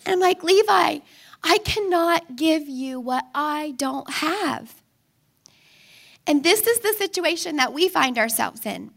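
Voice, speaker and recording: A woman's voice: high voice, gravelly, a bit bright. A woman in her thirties giving a sermon, telling family stories and acting out her own pleading and her child's cries. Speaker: speaker.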